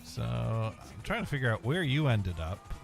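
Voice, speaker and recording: A man's voice: medium pitch, sing-song, a little slow, creaky, soft background music. A man hosting a casual gaming stream from home, rambling, making dry jokes and reading chat aloud. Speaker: streamer host. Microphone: webcam and desk mic.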